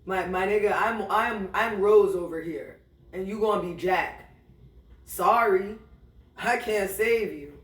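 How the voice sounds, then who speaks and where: A high-pitched man recounting his own story for a podcast in a blunt, profane way, as if talking straight to his ex. He takes his time with each thought. The room is echoey and he sits back from the microphone. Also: unhurried, a bit bright, recorded from a distance. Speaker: podcast host. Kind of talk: candid storytelling monologue. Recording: roomy, a little off-mic.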